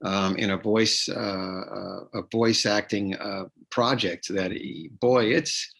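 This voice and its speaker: A man's voice: lowish voice, steady tone, slow pace, vocal fry, fairly bright tone. A man, an actor, being interviewed on a podcast, explaining at length with frequent fillers and restarts. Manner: explanatory, repeats words, many fillers and restarts. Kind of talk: interview conversation.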